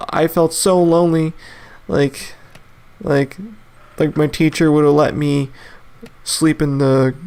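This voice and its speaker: A man's voice: medium pitch, clear, resonant tone. A young man in his twenties hosting a casual solo podcast, rambling with many fillers, restarts and frequent laughs. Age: 20s. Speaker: podcast host.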